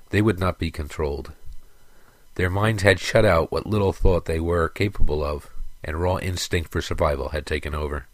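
A man reading a fantasy story aloud in a steady, measured storytelling manner. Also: low voice, dry recording. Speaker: narrator. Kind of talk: scripted fantasy narration.

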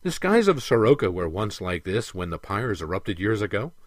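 A cautious, doubting royal advisor in an audiobook, careful and questioning, voiced by a man. The voice is low and the sound dry and close. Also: very animated, moderate pace, dry recording. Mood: wary.

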